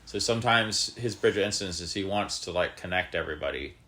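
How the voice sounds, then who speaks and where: A man's voice: low-pitched, fast talker, sharp tone, a little hiss or hum. A man co-hosting a podcast, chatting casually with many hesitations and fillers. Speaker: podcast co-host. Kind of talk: casual chat.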